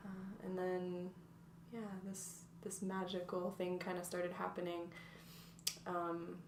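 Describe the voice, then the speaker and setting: Recorded from afar in an echoey room with faint noise, a twenty-something guest from North Carolina, USA, reflects in a casual interview chat. She speaks slowly in a fairly low voice with a completely flat delivery, often using fillers and restarting sentences.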